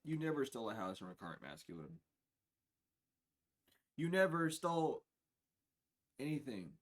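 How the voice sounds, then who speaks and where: Male streamer doing a spiritual reading at a middling pitch, casual and profane, low mutters with sudden loud laughing bursts. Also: big pitch swings, normal speed. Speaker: spiritual reader.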